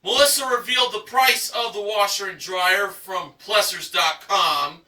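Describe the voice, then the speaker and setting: A man's voice: high voice, unhurried, pushed and bright, echoey room, recorded from a distance, poor audio. A man recapping a game show episode in enthusiastic narration, stretching out dramatic price reveals.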